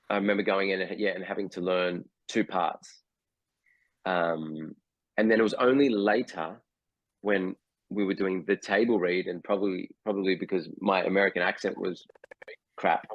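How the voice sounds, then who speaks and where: A man's voice: low-pitched, no room sound, lo-fi sound. A man in his forties with an Australian accent, a guest actor telling stories in a casual video-call interview, hesitant with many fillers.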